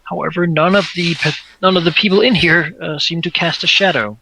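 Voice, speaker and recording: Gravelly, bright-toned game master. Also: male voice, fairly high pitch, fairly even intonation, fairly quick, slight background noise, rough recording. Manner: hesitant descriptive narration with many fillers. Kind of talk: narrating a tabletop game.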